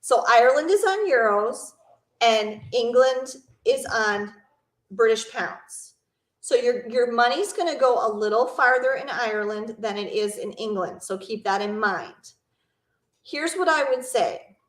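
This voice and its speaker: A woman's voice: on the high side, lively intonation, measured pace, echoey room. A woman hosting a live travel Q&A, chatting casually, rambling a bit, reading out viewers' comments and asking them questions.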